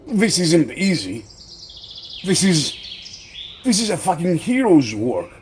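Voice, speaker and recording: A man voicing a gruff, blunt village man who is coarse and loud in a tabletop game. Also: mid-range voice, takes it slowly, slight background noise. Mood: indignant.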